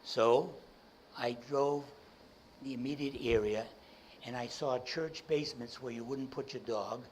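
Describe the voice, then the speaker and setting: A man giving a talk as an entrepreneur, telling a personal story in an animated way. He acts out the dialogue and often restarts his sentences with repeated words. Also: mid-range voice, measured pace, a little hiss or hum, poor audio.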